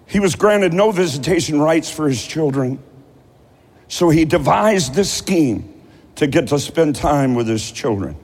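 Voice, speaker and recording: A man's voice: a little high, animated, unhurried, a little mellow, big-room sound. A man preaching a sermon as a pastor, telling stories in a conversational way.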